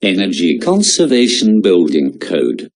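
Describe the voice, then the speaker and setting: A man reading out exam-prep lecture notes in a slow, measured way. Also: low voice, huge pitch swings, a little mellow.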